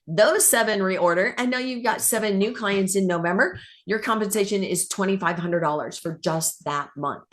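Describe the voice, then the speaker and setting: Woman, peppy recruiter, persuasive pitch, folksy warmth. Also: moderate pace, few pauses. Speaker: sales coach on a recruitment call. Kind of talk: sales pitch.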